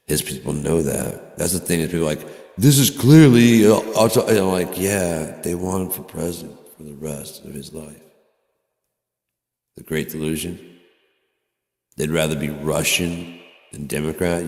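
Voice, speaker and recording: A very deep, gravelly man rambles through a profane, sardonic vlog monologue. His words ring out in a room with a long, echoing tail. He jumps between topics and swears freely. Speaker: vlogger. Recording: echoey room with long reverb.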